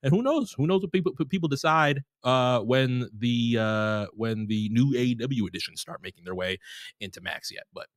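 A man co-hosts a casual sports podcast, rambling, restarting, using fillers and swearing casually, his mid-range voice moving at a moderate pace. The studio-quality recording has no room sound.

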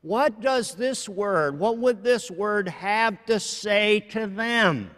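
A man preaching a sermon slowly and deliberately, often restarting his phrases. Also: sits high, fairly bright tone. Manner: slow, deliberate, with many restarts. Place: large church. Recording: long church reverb.

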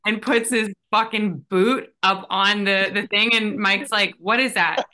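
A woman's voice: medium pitch, level tone, unhurried, sharp tone. A woman on a panel, chatting casually, telling scenes animatedly and swearing freely. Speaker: cast member on a panel. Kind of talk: casual chat.

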